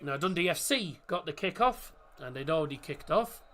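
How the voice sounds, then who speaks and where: Man, high voice, live football watchalong host, chatty, rambling, self-correcting. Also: expressive, moderate pace, sharp tone. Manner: chatty and rambling, corrects himself, chats with viewers. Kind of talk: casual live match commentary.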